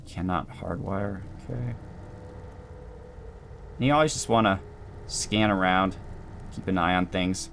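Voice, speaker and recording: A man giving calm, dry, explanatory commentary while playing a video game. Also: low voice, a little slow, vocal fry, long pauses, slight background noise. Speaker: gameplay commentator. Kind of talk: let's play commentary.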